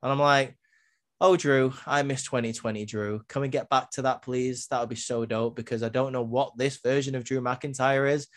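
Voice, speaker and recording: A man talks through a wrestling show recap in a loose, conversational way. He fills gaps with plenty of ums and restarts, then jumps back into his opinions. His voice sits at an ordinary middle pitch. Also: steady tone, normal speed. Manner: chatty, many filler ums, acts out quotes.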